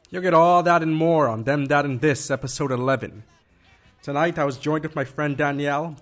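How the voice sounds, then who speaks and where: A man's voice: a little high, fairly bright tone. A man hosting a casual podcast in an office conference room, rambling and joking at his own expense. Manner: rambling, joking, self-deprecating. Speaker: podcast host.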